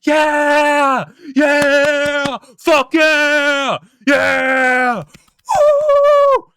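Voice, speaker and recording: A man voicing a frantic, overjoyed young male sea sponge who shrieks in a very high voice. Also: lively intonation, drawn-out words, pushed and bright, dry recording, full character voice. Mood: ecstatic shouting.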